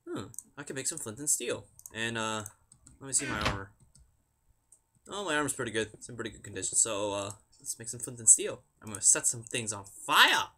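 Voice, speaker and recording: A man's voice: mid-range voice, lively intonation, a little fast, pushed and bright, a little hiss or hum. A young man talking casually over a game he plays, chanting repeated words under his breath. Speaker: gamer. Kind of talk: game commentary. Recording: music in background.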